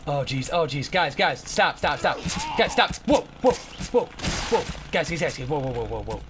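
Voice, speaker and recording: Excitable man yelling at a game. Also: on the high side, normal speed, noisy background. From Mississippi. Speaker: gameplay commentator. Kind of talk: let's play commentary.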